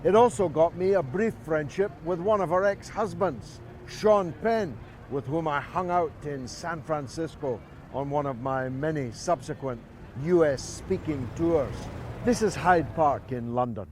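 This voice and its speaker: A man's voice: a little high, a little slow, a little mellow, a little hiss or hum. A man in his sixties with a Scottish accent, giving a scripted to-camera introduction as a presenter in a dramatic orator's delivery.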